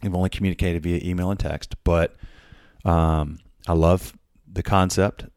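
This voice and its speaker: Low-voiced man telling a story. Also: steady tone, normal speed, a little mellow, smooth, no echo, clean studio sound. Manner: conversational, many fillers and restarts, acts out quoted dialogue. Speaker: podcast host telling a story. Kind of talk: casual storytelling.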